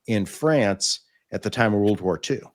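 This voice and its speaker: A man's voice: fairly low pitch, animated, unhurried. A man hosting a TV review podcast, reading a scripted intro and then explaining plot points in casual chat. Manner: explanatory, with frequent fillers and restarts in chat. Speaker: podcast host reviewing TV episodes.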